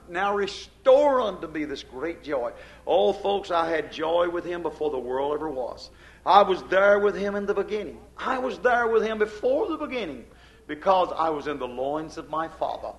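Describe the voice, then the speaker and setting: An older man preaching a sermon, emphatic, with a rising and falling preaching cadence. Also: fairly high pitch.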